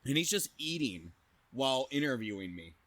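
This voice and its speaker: Young male podcast co-host with a sharp, bright tone, swearing freely through a rambling story. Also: medium pitch, normal speed. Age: young adult. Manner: profane, animated anecdote telling. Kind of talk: casual storytelling.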